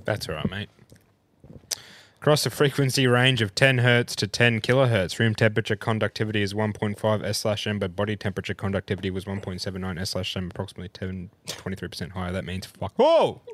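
Fast-talking, dry Australian co-host. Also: male voice, fairly low pitch, fairly bright tone, no room sound. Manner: dry, matter-of-fact. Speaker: podcast co-host. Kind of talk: casual banter, reading out facts.

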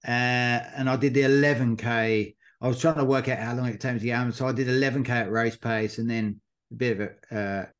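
A man hosts a running podcast, talking a little fast in a steady, mid-range voice. It's a casual chat in which he rambles through stories loosely, using lots of fillers.

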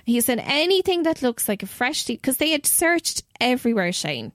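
A young Irish woman telling a story in a chatty, animated way, swearing freely as host of a podcast. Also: high voice, moderate pace, dry recording, studio quality. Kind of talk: casual storytelling.

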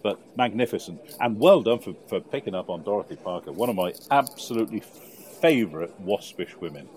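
A man co-hosting a podcast in casual chat, effusive and quick to praise. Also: lowish voice, animated, darkish tone. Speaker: podcast co-host.

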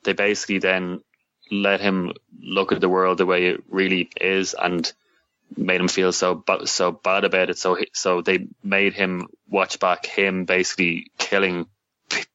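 Very deep, flat-voiced man. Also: normal speed, no room sound. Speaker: podcast co-host. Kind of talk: casual chat reviewing TV episodes. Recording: dull, muffled, dry mic.

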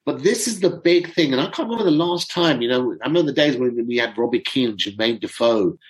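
A middle-aged man chatting to viewers as a football fan commentator, excitable and chatty, often stumbling over names. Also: mid-range voice, a little fast, low-quality recording. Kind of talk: casual chat to viewers.

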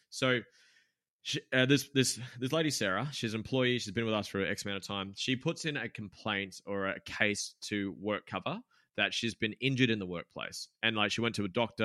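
A man's voice: fairly low pitch, bright, forceful tone, no echo, studio quality. Candid, sweary young man. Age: 20s. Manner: candid, swears freely, rambling with fillers. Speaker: podcast guest, gym business owner. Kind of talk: casual podcast storytelling.

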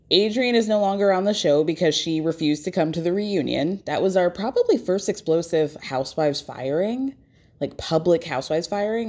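A woman's voice: fairly low pitch, dark tone. A woman hosting a casual recap, talking animatedly and laughing often as she acts out what others said. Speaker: podcast host recapping reality TV.

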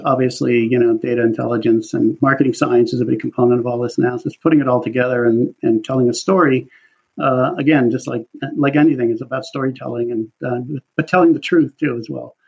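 A man working in market research, telling career stories in a relaxed interview, chatty and full of fillers. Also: medium pitch, quick pace, creaky, slightly rough. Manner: chatty, animated storytelling with laughs and many fillers. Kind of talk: casual interview conversation. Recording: dull lo-fi audio.

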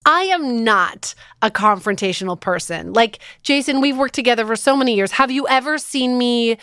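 Woman host, thirties, high voice, dry close mic, fired-up emphatic storytelling. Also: expressive, moderate pace, sharp tone, clear, resonant tone, dry recording. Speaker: podcast host. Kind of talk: animated storytelling.

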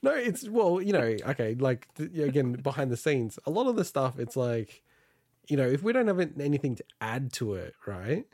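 A man's voice: medium pitch, big pitch swings, moderate pace, a little mellow, no room sound. A man co-hosting a gaming news podcast, chatting casually, laughing often and interrupting himself. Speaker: podcast co-host reading the news.

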